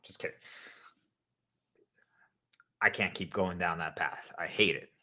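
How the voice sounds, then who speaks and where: A man's voice: sits low, measured pace, bright, forceful tone. A man speaking straight to the listener in a role-play monologue, rambling and joking as if a little tipsy.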